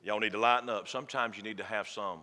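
A man's voice: fairly low pitch, fairly even intonation, fast, pushed and bright. A man preaching a sermon in a church, folksy and fervent, joking with the congregation. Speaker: pastor. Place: church sanctuary. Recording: long church reverb.

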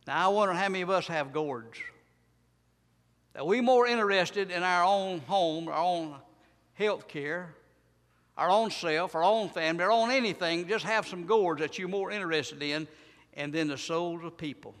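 A man's voice: high voice, normal speed, fairly bright tone. Emphatic preacher man in a reverberant church. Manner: emphatic, repetitive preaching with rising and falling intensity. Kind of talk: sermon.

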